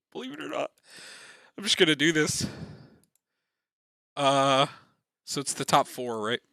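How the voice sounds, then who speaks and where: A man playing a casual card game with friends, excitable and quick to swear and laugh. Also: a little high, no room sound. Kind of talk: casual chat among friends.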